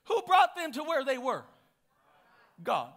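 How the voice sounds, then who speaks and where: High bright-voiced pastor preaching. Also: male voice, big pitch swings, takes it slowly. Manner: call-and-response preaching, swings from hushed to shouting. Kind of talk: sermon.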